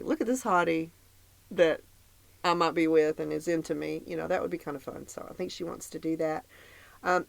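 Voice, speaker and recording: A woman's voice: fairly low pitch, creaky, no echo. A woman co-hosting a podcast, recapping a dating show in casual chat, reading out her notes and laughing often. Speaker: podcast co-host.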